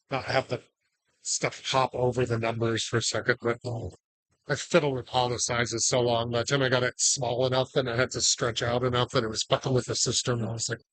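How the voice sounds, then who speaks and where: A man calling bingo numbers in a bar, drawing each number out slowly between joking asides to the players. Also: medium pitch, fairly bright tone. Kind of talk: live bingo calling with banter.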